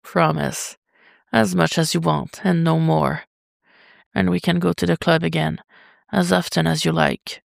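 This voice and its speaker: A dominant male lover, slow and coaxing, as a reader puts him on in a heavily gravelly voice. He talks in an even, unhurried murmur for an audio story, close and dry. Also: medium pitch, no room sound. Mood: soft, soothing.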